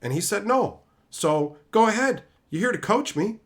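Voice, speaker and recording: A man's voice: sits high, normal speed. A man hosting a stream, casually ranting and telling profane stories about old jobs. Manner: profane, animated, mimics coworkers in quotes. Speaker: streamer host. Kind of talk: casual storytelling rant.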